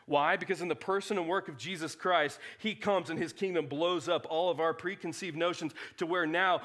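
A male pastor preaching to his congregation in a fairly high voice. He tells the stories in a lively, conversational way and acts out the characters' lines as he goes. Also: normal speed. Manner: animated storytelling, acts out biblical dialogue. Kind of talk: sermon.

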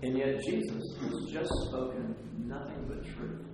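A man's voice: mid-range voice, unhurried. A man leading an interactive Bible study, asking questions and acting out quotes. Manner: animated, asks the group questions, acts out quotes. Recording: echoey hall from a distance with noise.

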